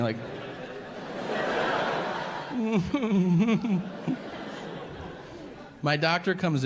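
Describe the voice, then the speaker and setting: A man performing stand-up comedy, telling stories animatedly and acting out the other people in them. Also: mid-range voice. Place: comedy club stage. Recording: echoey venue with loud room noise.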